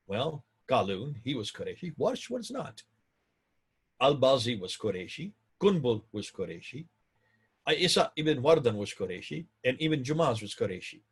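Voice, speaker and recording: A man delivering a lecture in a husky voice that swings widely up and down in pitch. He hammers his points home by repeating them, talks straight to his audience and builds to excited highs. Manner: emphatic, repeats points, rising to excited peaks; addresses viewers directly.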